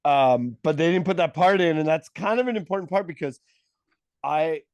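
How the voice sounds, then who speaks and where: A man's voice: a little high, normal speed, dry recording, dull audio. A man, a comedian, telling a story in casual podcast chat and acting out the lines of the people in it. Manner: animated storyteller, acts out quoted lines.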